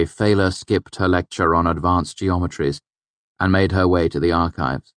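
A man reading a novel aloud as narrator, in measured, tense storytelling. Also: low-pitched. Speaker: audiobook narrator. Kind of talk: scripted narration.

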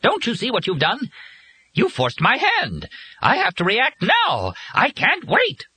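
A man narrating a storybook and voicing a furious giant male bird creature that scolds and shrieks in a husky, very high voice. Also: very animated, moderate pace, bright, forceful tone, heavily acted. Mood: shrieking. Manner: ranting, scolding, shrill.

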